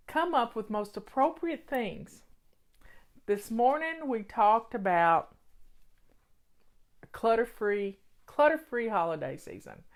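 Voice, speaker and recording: An older woman with a Southern American accent, hosting a casual, folksy live chat in a chatty, rambling way. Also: a little high. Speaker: host.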